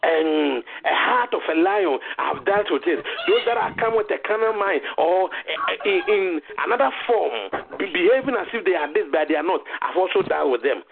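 A Ghanaian man preaching a sermon on a community call, exhorting his listeners and repeating phrases with halting restarts. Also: sits high, animated, vocal fry, crowd noise. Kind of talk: sermon mixing Twi and English. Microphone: phone call. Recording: tinny phone line with faint noise.

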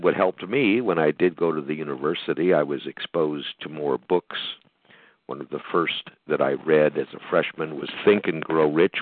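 Older man, podcast host, low-pitched, rambling with fillers, dry sound, tinny phone-line quality. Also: no echo. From United States. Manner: rambling, many fillers and restarts. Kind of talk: reflective monologue.

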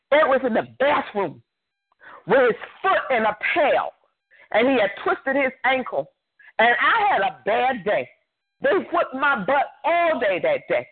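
An older woman preacher delivering a fervent sermon over a phone call, driving her points home with emphatic repetition. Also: fairly high pitch. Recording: tinny phone line.

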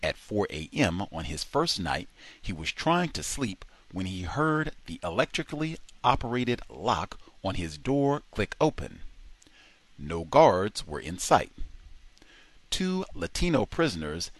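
Brief: male book reader, low and expressive, dry close sound. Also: a little slow, no room sound. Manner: dramatic, expressive reading. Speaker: audiobook reader. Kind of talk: reading a nonfiction book aloud.

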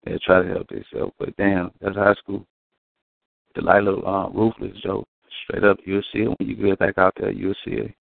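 A man's voice: lowish voice, monotone, normal speed, gravelly, dry recording. A man talking in a casual podcast discussion, preachy and profane, acting out quotes in between. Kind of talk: casual street-talk discussion. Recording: dry, phone-like band.

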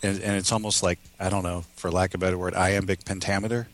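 Hesitant low-voiced guest. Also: male voice, little pitch movement. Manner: hesitant, halting, many fillers. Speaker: podcast guest. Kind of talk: casual chat.

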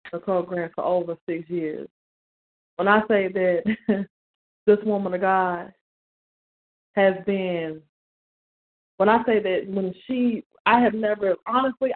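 A woman calling in to a church show, soft-spoken and halting as she speaks about her pastor. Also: medium pitch. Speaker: caller. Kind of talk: call-in testimony. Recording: tinny phone line.

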